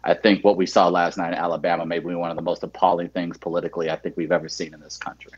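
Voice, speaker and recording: A man with a St. Louis accent, bantering on a comedy show with deadpan, boastful storytelling. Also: sits low, racing, breathy edge, highs cut off.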